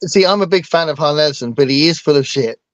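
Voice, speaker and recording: A man's voice: a little high, quick pace, no room sound. Guy rambling on in a casual book chat, lots of ums, muffled and kinda dry. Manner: rambling, with many fillers and restarts. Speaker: booktuber co-host.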